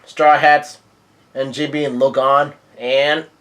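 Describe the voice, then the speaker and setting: A man's voice: medium pitch, level tone, extremely slow, fairly bright tone. A young man casually recapping a manga chapter page by page, rambling with lots of fillers and restarts. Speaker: manga reviewer.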